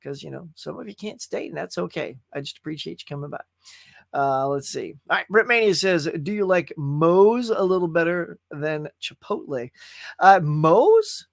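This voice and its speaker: A man's voice: a little high, expressive, normal speed, vocal fry, no room sound, clean studio sound. A man hosting a live movie chat stream, casual and folksy, chatting straight to his viewers. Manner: chatty and folksy, often calls viewers "y'all".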